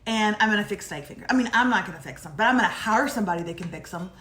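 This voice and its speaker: A woman in her forties, co-hosting a live morning show and telling stories in a chatty, animated way. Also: medium pitch, rapid-fire. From Texas. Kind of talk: casual live chat. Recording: echoey room.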